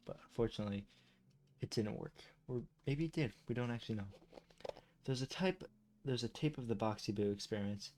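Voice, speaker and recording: A man's voice: medium pitch, brisk, a little mellow. A man reading game lore aloud, tripping over words and breaking off into chatty, self-deprecating asides. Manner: stumbles over words and restarts often. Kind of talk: reading aloud with casual commentary.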